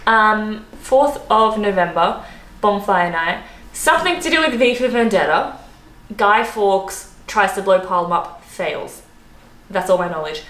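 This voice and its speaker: Australian woman, thirties, casual vlog, mid-pitched, animated and laughing, roomy sound. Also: unhurried. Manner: chatty, animated, laughs often. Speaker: travel vlogger. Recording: roomy echo.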